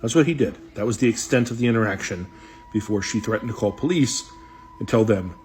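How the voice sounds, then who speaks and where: A man's voice: fairly low pitch, fairly quick, darkish tone, a little hiss or hum. A man making an argumentative case, posing rhetorical questions to the listener. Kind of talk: explanatory commentary.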